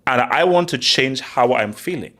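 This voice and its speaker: A man hosting a casual football chat, excitable and repeating himself as he argues. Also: medium pitch, normal speed. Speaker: show host.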